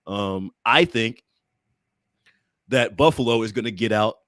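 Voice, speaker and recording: A man hosting a sports podcast in casual chat, playful and teasing and quick to laugh. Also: fairly low pitch, a bit bright, dry recording, studio quality. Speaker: podcast host.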